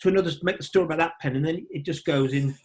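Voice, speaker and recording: A man with a slightly high voice chatting as an interview guest. He rambles enthusiastically, cutting himself off and restarting his thoughts. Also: very fast, darkish tone. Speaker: actor, podcast guest. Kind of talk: casual interview chat.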